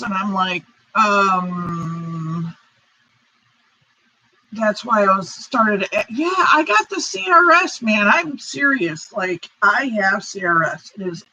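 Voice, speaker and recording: A crochet channel host from the US has a mid-range, expressive voice, slow, sharp-toned and slightly rough. Her casual live stream finds her rambling apologetically and reading out chat comments, recorded in dull lo-fi stream audio.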